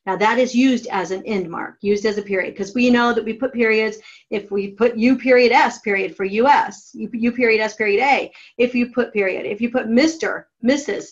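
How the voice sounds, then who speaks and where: A woman writing teacher giving a classroom grammar lesson, dictating each step slowly and deliberately. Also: on the high side, dull audio. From United States. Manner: slow, deliberate dictation of steps.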